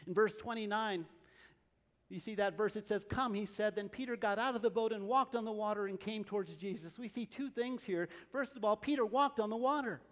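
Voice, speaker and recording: High-voiced man preaching, animated storyteller acting out the scene, long church reverb. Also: fairly quick. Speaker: pastor. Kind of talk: sermon. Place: large church hall.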